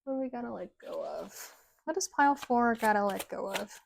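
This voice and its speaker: Against a noisy background, a woman with a fairly high, vocal-fried voice reads tarot cards at a moderate pace. The reading is casual and rambling, heavy on "like," with sing-song endings to her sentences.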